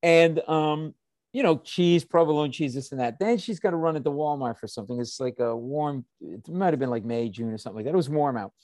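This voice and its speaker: A man telling rambling comic stories in casual chat, swearing freely and getting animated. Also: a little high, fairly quick, no echo, studio quality. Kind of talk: casual chat, comedic storytelling.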